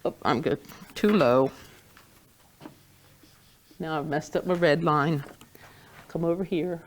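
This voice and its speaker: Slow, low-voiced woman teaching class. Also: a little hiss or hum. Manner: patient, playful, drawn-out words when stressing. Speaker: Hebrew teacher. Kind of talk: classroom lesson.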